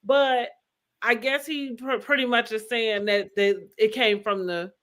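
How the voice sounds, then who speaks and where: A woman's voice: a little high, steady tone, unhurried, a bit bright. A woman co-hosting a casual reality-TV recap podcast, talking through the drama with rhetorical questions and easy laughs. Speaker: podcast co-host.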